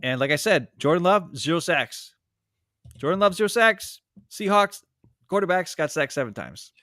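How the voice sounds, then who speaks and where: A man talking sports with a friend, lively and rambling, his pitch jumping all over. His voice is bright and forward. The sound is close and dry, with no room in it. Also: moderate pace, dry recording. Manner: animated, rambling, breaks into goofy voices. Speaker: podcast co-host. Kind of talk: casual sports chat. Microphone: home streaming setup.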